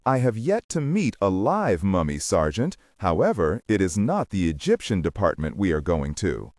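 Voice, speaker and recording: A refined, soft-spoken FBI agent, put on by a male audiobook narrator, speaks with formal precision. The voice is lifted higher than the narration and moves expressively. The recording is dry and close. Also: huge pitch swings, moderate pace, dry recording, heavily acted. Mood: urbane.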